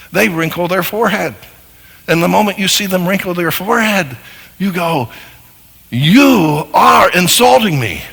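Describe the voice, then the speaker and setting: A man giving a live teaching talk to an audience in a large hall, animated and acting out little dialogues as he explains. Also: a little high, gravelly. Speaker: seminar speaker on marriage. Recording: long hall reverb.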